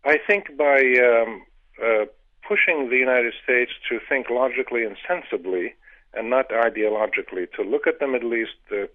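A man, a newspaper editor, giving measured answers in a news radio phone interview, pausing often with fillers. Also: medium pitch. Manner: measured, pauses with many fillers. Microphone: telephone. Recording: tinny phone line.

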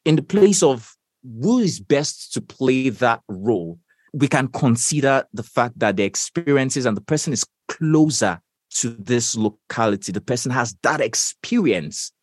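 A young Nigerian man with a Nigerian accent, a voiceover artist answering interview questions in a measured, emphatic way. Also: medium pitch, lively intonation, a little mellow, dry recording, studio quality. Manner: measured, emphatic, stresses key phrases.

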